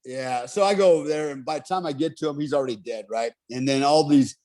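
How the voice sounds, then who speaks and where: Animated casual male storyteller. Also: on the high side, fast talker. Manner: animated, swearing, laughing often.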